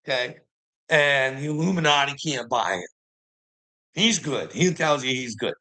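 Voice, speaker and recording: Canadian man, casual profane monologue, frequent laughter, bright tone, slow delivery. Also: mid-range voice, animated. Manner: profane, laughs often between sentences.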